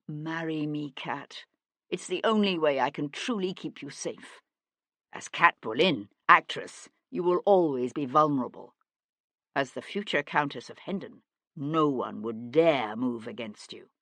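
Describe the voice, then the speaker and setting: A woman's voice: low-pitched, a little slow, a bit bright, no echo, full character voice. A woman voicing a cold, stern young nobleman who speaks in a clipped, threatening way. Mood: earnest.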